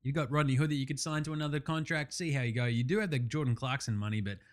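A man with an Australian accent hosting a sports talk podcast, animated, slangy and sweary. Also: medium pitch, fast talker. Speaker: podcast host. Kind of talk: sports talk show monologue.

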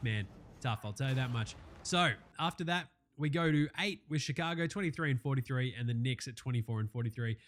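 A young Australian man hosting a basketball recap show, chatting casually with lots of swearing and jokes. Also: on the high side. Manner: profane, joking, excitable banter. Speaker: basketball podcast host.

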